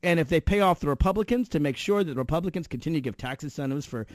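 A man giving a sarcastic political monologue that builds to loud outbursts. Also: fairly high pitch, expressive, rapid-fire, no room sound, studio quality. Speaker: political commentator. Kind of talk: animated satirical monologue.

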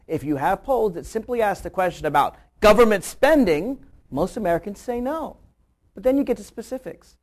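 A political commentator reacting to a news clip, animated and sarcastic, firing off mocking rhetorical questions and answering them. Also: medium pitch, fairly quick. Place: Virginia.

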